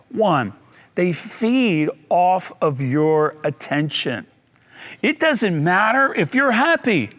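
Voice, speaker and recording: High-voiced pastor preaching with dramatic swings. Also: male voice, fairly bright tone. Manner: dramatic, swings between high emphatic bursts and low dropped lines; repeats key lines for emphasis. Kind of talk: sermon.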